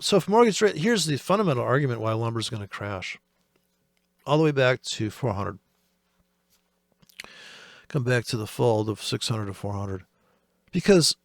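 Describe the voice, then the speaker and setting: A man's voice: medium pitch, vocal fry, no room sound, clean studio sound. A man from the United States giving rambling, profane, sarcastic commentary on the markets as host of a trading channel.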